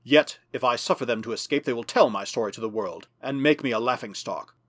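A man voicing an ancient, bitter male superman ruler who speaks in slow, grave, menacing pronouncements. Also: mid-range voice, a bit bright, no echo, studio quality, voice pushed down, lightly acted. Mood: low brooding.

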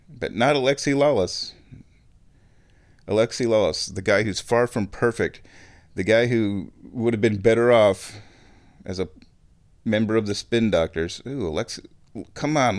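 A man at home, ranting and giving casual opinionated commentary on a football match, often clearing his throat. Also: on the low side, moderate pace. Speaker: fan watching a football match.

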